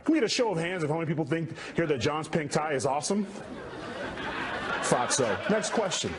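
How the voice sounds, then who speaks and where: A man's voice: a little high, lively intonation, fairly quick, a crowd in the background, background noise. A man on a comedy talk show panel, brash and jokey, playing a mock-serious bit. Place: television studio.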